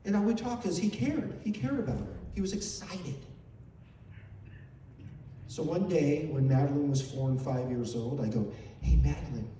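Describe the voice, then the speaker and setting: A man's voice: a little high, moderate pace, long pauses, dark tone, a little hiss or hum. An older man telling heartfelt, emotional stories in a memorial tribute, repeating phrases as he speaks. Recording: very echoey hall, voice from far off.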